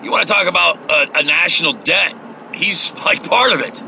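A man's voice: fairly high pitch, moderate pace, vocal fry, sharp tone, slight background noise, rough recording. A man giving a heated, profane, sarcastic political rant, recorded in a car. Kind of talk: ranting political monologue.

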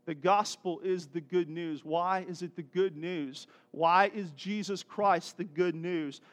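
A man preaching a sermon as pastor, telling stories in a lively, conversational way and laughing often. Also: high voice, takes it slowly. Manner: animated storytelling preacher, acting out voices.

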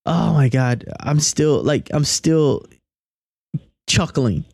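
A man hosting a podcast in casual chat, excitable and given to repeating himself. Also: medium pitch, takes it slowly, creaky, pauses often, dry recording, studio quality. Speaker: podcast host.

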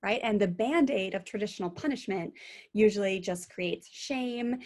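Thirties woman coach, earnest conversational delivery with lively acted-out quotes. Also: mid-range voice, normal speed. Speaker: parenting coach. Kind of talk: casual podcast chat.

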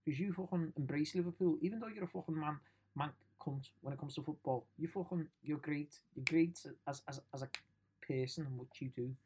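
A man's voice: a little high, brisk, a little mellow, a little hiss or hum, close to an everyday voice. A man doing a sweary Scouse footie fan. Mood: gushing. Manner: effusive, swearing heavily, calls people lad. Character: gushing male Liverpool football fan.

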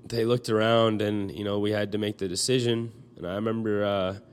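A young man telling a personal story in a halting way, full of fillers and restarts, choked up as he speaks. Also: on the low side, level tone, clear, resonant tone.

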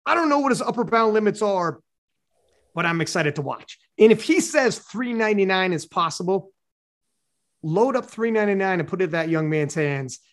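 A man guesting on a podcast, talking in a loose, excitable way with lots of slang and swearing. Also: sits high, normal speed. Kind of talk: casual chat.

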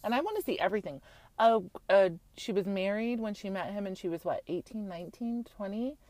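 A woman's voice: medium pitch, fairly quick, a little mellow, dry recording. Frank, chatty woman host with a dry close sound. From Utah. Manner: chatty and frank, full of fillers and swearing. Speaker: podcast host recapping a reality show. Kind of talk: casual chat.

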